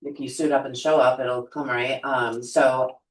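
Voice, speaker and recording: A man's voice: medium pitch, flat delivery, measured pace. A man, a real estate agent, sharing at a team meeting, chatty and correcting himself as he goes. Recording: echoey room, mic far off.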